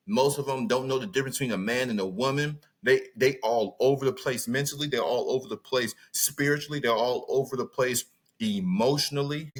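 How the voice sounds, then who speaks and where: A man from California with a Southern US accent, hosting a podcast in an emphatic, repetitive, preachy monologue. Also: mid-range voice. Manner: emphatic, repetitive, rants with bursts of laughter. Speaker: podcast host.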